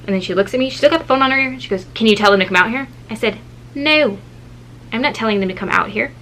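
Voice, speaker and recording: Bright-voiced woman telling a story. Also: fast, a little hiss or hum, poor audio. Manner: animated, acts out quoted people with shifting pitch. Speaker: vlogger telling a story time. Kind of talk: casual storytelling.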